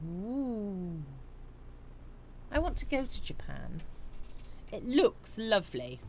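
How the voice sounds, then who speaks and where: A woman's voice: mid-range voice, big pitch swings, slow, creaky, slight background noise. A woman hosting a casual live chat stream. She talks in a chatty way, reading out viewer comments and answering them, and she laughs at her own jokes.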